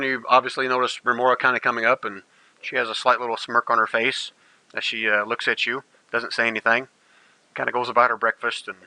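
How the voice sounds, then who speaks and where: A man's voice: mid-range voice, pushed and bright, no echo, poor audio. A man narrating a tabletop game as game master, rambling and playful, often restarting his sentences.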